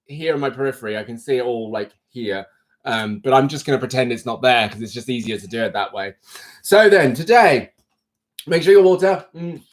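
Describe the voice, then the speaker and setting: A man from the UK hosting a live stream from his desk at home, chatting casually and rambling with self-mocking asides into his phone. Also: mid-range voice. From United Kingdom.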